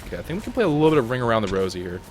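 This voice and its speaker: A young man giving jokey, excitable let's-play commentary, talking to the animals in his game. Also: medium pitch, very fast, faint music behind. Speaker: gaming YouTuber.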